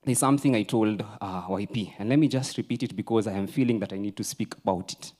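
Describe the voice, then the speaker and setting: A Kenyan man preaching a sermon in a church, mixing English and Swahili, swinging from loud urging to a near-whisper. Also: lowish voice, fast. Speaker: pastor.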